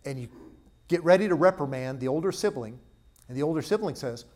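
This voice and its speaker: A man preaching a sermon as pastor, swinging between loud punchy stresses and low, quiet asides. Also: brisk.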